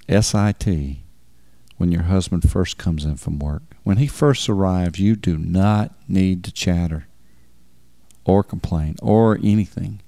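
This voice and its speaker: A man's voice: sits low, mellow, no room sound. A man preaching on marriage in a folksy, emphatic way, repeating words for stress. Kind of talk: sermon.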